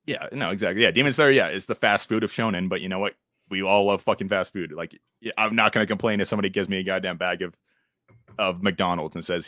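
Male podcast co-host, lowish voice, loose and profane, laughs a lot, dry close sound. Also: fast talker, sharp tone, no echo. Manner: laughs often, swears freely. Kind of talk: casual podcast chat.

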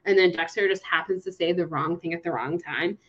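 A woman's voice: lowish voice, a little fast. A young woman co-hosting a casual book podcast, retelling scenes with playful voices for the characters. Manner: animated, acts out characters' lines while retelling. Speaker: podcast co-host. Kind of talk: casual book-club chat. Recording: slightly dull lo-fi sound.

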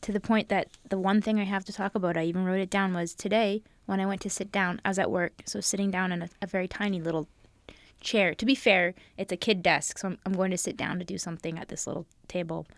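A woman's voice: mid-range voice, steady tone, fast, dry recording. A woman trading jokes as a podcast co-host. She tells self-mocking everyday stories and breaks into laughter often. Her voice is close and dry, with no room sound. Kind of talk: casual chat.

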